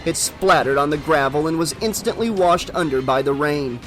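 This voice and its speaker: A man narrating a horror novel as an audiobook, steady and dramatic. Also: fairly high pitch, moderate pace, faint music behind.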